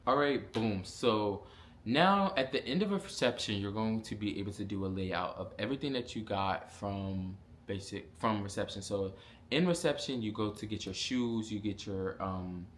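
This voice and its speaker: Young man telling an animated storytime. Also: lowish voice, moderate pace, a little hiss or hum. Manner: animated, profane, lots of slang and fillers. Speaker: vlogger. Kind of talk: casual storytime.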